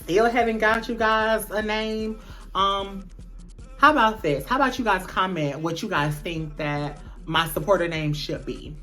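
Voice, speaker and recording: A woman's voice: medium pitch, a little slow, bright, forceful tone, soft background music. A young woman telling a personal story in a casual, candid vlog, blunt and profane with frequent "um"s. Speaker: vlogger.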